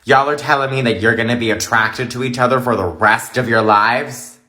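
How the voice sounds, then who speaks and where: A man's voice: medium pitch, moderate pace, pushed and bright. A young man delivering a profane, exaggerated comedic rant monologue.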